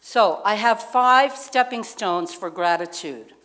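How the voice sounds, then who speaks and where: A woman's voice: mid-range voice, lively intonation, slow pace, fairly bright tone. A woman minister gives a sermon, telling a personal story in a conversational way and asking the congregation questions. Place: community center lounge.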